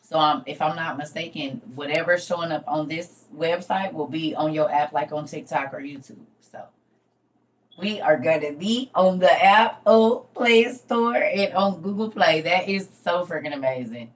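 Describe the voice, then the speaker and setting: A woman hosting a casual ministry livestream, chatting with viewers and calling them "y'all", going from loud bursts to murmured asides. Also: sits low, moderate pace, a little hiss or hum.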